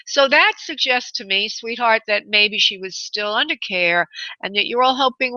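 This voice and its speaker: Woman radio psychic host, bright tone, affectionate and tender, dull lo-fi radio sound. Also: a little high, normal speed, no echo. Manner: tender, affectionate, calls callers honey and sweetheart. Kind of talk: live radio psychic reading.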